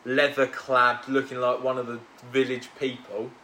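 A man's voice: mid-range voice, flat delivery, normal speed, pushed and bright, roomy sound, a little hiss or hum. A man hosting a podcast, chatting casually with his mates and telling self-deprecating stories. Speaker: podcast host.

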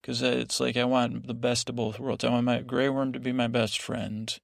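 A man's voice: medium pitch, flat delivery, normal speed, vocal fry, no echo, studio quality. A man hosting a sleep podcast, recapping a show in a meandering, drowsy way full of restarts and fillers. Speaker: podcast host.

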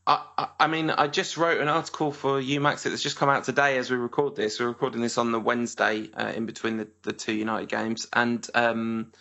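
A man's voice: mid-range voice, little pitch movement, fairly quick, vocal fry, few pauses, sharp tone. A man hosting a podcast interview, asking rambling, self-correcting questions, in a dull lo-fi recording. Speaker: podcast host. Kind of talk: casual interview conversation.

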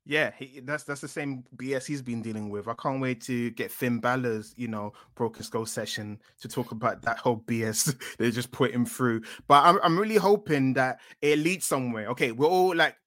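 A man's voice: medium pitch, normal speed, hardly any pauses, a bit bright, no room sound, clean studio sound. A man from the UK co-hosting a casual podcast, blunt and opinionated, swearing freely. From United Kingdom. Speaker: podcast co-host. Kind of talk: casual chat.

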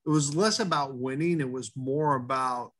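A middle-aged man, a head baker, talking earnestly in an interview, halting often with fillers and restarts. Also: mid-range voice, fairly bright tone. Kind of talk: casual interview talk.

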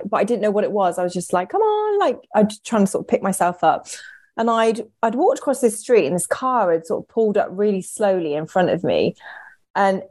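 A woman's voice: medium pitch, darkish tone, no echo. A young woman casually telling a story, chatty and swearing, acting out the voices she quotes.

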